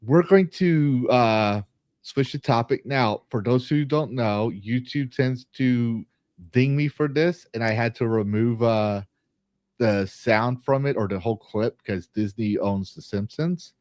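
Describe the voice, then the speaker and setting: A man's voice: medium pitch, unhurried, darkish tone, no room sound. A man hosting a casual podcast chat, earnest and rambling, with many restarts. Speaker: podcast host.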